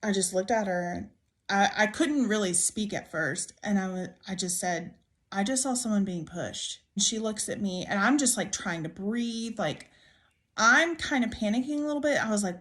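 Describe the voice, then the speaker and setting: A woman's voice: medium pitch, moderate pace, a bit bright. A young woman telling a true ghost story to camera in a casual, emotional, rambling way, full of "like" and restarts. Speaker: TikTok storyteller.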